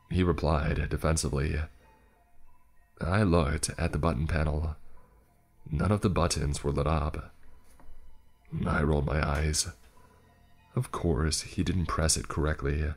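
A man's voice: rumbling low, fairly even intonation, measured pace, gravelly, long pauses, soft background music. A man narrating a horror story in the first person, with a dry, sarcastic storytelling manner.

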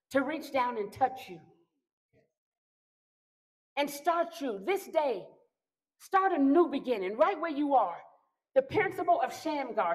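A middle-aged woman pastor preaching a sermon, building to shouted declarations and prayers. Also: high voice, low-quality recording.

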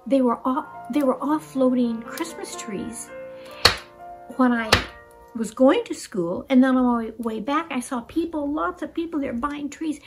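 An eager little girl who pleads and sulks, her voice high and breathless, as a woman reading a storybook puts her on. Guitar music plays clearly behind her. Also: unhurried.

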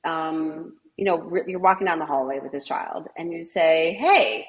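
A woman's voice: deep voice, dull audio. A middle-aged woman and author, talking casually in an interview and acting out bits of classroom dialogue. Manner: conversational, many fillers and quick asides. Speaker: author and educator guest.

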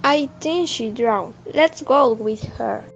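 A woman's voice: a little high, takes it slowly, creaky, faint music behind. A woman commenting on a story in scripted stage dialogue, asking curious questions. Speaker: onstage commentator. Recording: dull lo-fi recording.

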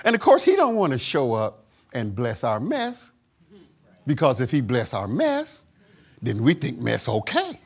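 A man's voice: medium pitch, huge pitch swings, a little slow, husky. A man preaching a sermon as pastor, emphatic, with call-and-response asides and acted-out voices of doubters. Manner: acts out quoted voices of doubters.

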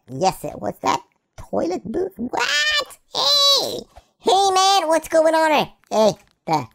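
A woman voicing a hyper, silly young female puppy while playing a video game, excitable and goofy, jumping between squeals and low mutters. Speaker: gameplay commentator. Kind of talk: playful in-character game commentary.

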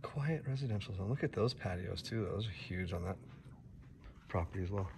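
A man from the United States vlogging a casual walk-through of a big rental house, chatty and excitable, talking to viewers as guys and breathing a little heavily. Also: deep voice, fairly quick, vocal fry, background noise. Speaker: vlogger giving a house tour. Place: large rental house indoors.

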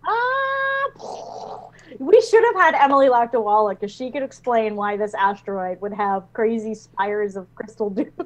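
A woman scientist riffing on a movie in casual chat, animated and quick to laugh and exclaim. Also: medium pitch, muffled recording. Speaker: scientist guest.

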